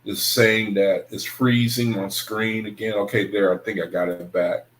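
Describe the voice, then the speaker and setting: Relaxed man reading aloud on a livestream. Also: lowish voice, a little hiss or hum, rough recording. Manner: reads aloud slowly, rereading passages and pausing to think; relaxed, informal talk with the audience. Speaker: host of an online scripture study livestream. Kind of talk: casual livestream reading and commentary.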